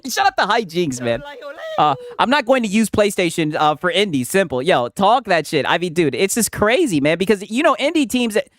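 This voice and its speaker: A man streaming reactions in loud, excitable, teasing chat, swearing a lot. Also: sits high, fairly quick, no echo.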